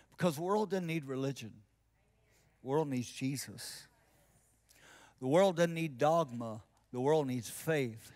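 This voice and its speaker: Speaking at medium pitch and a measured pace with long pauses, a pastor tells a story as part of his sermon. He takes on both roles in a conversation and lowers to soft, intense tones for what matters most.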